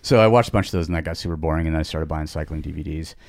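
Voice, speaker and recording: Low-voiced rambling middle-aged man. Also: very fast, a little mellow, no echo. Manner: rambling, many restarts and asides. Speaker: podcast guest. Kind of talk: casual storytelling.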